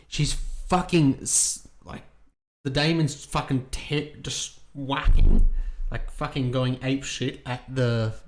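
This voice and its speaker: A man's voice: medium pitch, a little mellow. A man giving casual, rambling reaction commentary on a TV episode, swearing a lot and talking bluntly. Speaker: YouTube reaction host.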